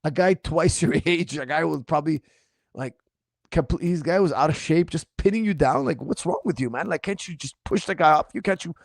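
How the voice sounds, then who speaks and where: A man coaching martial arts who answers viewer questions in a casual livestream, speaking in an animated, incredulous and mocking way, his voice slightly strained. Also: on the high side, brisk, creaky, no echo, studio quality.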